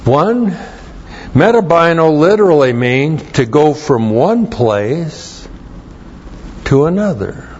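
Male Bible teacher, unhurried and emphatic, repeats key phrases, spells out Greek words, muffled lo-fi tape. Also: on the high side, big pitch swings, a little mellow, slightly rough. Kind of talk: expository Bible teaching with Greek word study.

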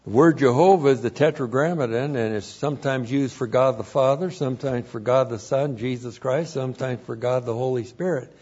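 A man preaching an expository sermon, slow and deliberate, repeating each point for emphasis. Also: medium pitch, a little mellow, slightly rough, lo-fi sound.

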